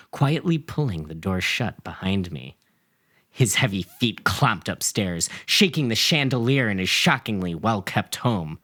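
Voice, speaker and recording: A man reading a dark first-person story aloud in a theatrical way, playing up the narrator's rage. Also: medium pitch. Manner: theatrical, swings into shouting for quoted rage.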